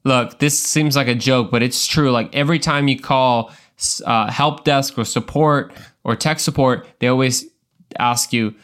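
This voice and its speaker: A man's voice: mid-range voice, fairly even intonation, measured pace, a bit bright, clean tone. A young adult man hosting a Christian podcast, telling stories in a casual, earnest, rambling way with many restarts. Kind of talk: casual podcast talk with storytelling.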